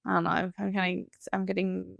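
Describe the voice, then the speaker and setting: A woman's voice: lowish voice, level tone, fairly quick, creaky, dry recording, lo-fi sound. A young American woman co-hosting a podcast, ranting casually in a blunt, emphatic way and swearing freely. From United States. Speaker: podcast co-host.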